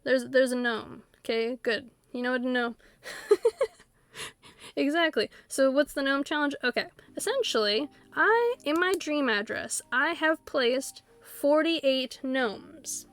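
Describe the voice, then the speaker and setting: A woman streaming a video game live, chatting casually and rambling, often laughing and acting out animated quotes. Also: high voice, a little slow, no echo. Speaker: Twitch streamer.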